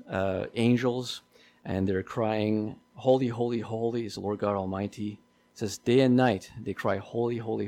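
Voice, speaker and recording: A man's voice: fairly low pitch, a little mellow. A man preaching a sermon in a conversational way, often repeating himself and asking his listeners questions.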